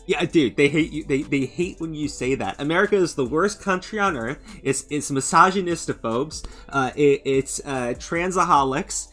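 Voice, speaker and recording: A man rants through his commentary in a fairly high voice, sarcastic and profane. He stumbles over restarts and filler words as he goes. Faint music plays under him. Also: a bit bright. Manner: sarcastic, mocking, frequent laughs, profane; halting restarts and stammered fillers. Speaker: commentary channel host. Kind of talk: ranting commentary. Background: faint background music.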